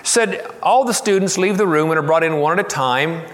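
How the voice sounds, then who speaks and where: A middle-aged man preaching a sermon, telling a story and quoting it with slow, soft emphasis. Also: fairly high pitch, long reverb tail. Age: middle-aged or older. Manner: storytelling, quoting, slowing and softening for tender moments. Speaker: pastor.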